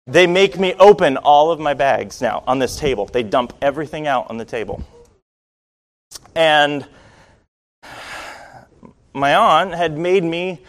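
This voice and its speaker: A man from Rhode Island telling a personal story to an audience in a wry, self-deprecating, lively way. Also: a little high. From Rhode Island, USA.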